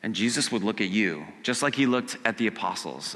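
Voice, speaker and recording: A man preaching a casual, conversational sermon. He acts out quotes and swings from hushed to loud. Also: on the low side, fast, long reverb tail. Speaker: pastor. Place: church sanctuary.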